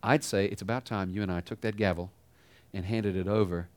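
A pastor giving a sermon in a conversational style, asking the congregation rhetorical questions. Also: male voice, low-pitched, fairly even intonation, a little fast, a little mellow, clean tone, no room sound.

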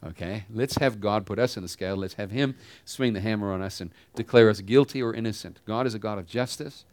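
A pastor giving a sermon in a conversational style, asking the congregation rhetorical questions. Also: male voice, lowish voice, a little fast, no room sound.

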